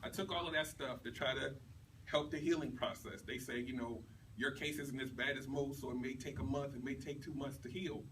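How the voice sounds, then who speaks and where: A man giving an animated testimonial to a responsive group. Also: medium pitch, a little fast. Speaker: testimonial speaker. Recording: distant mic with background noise.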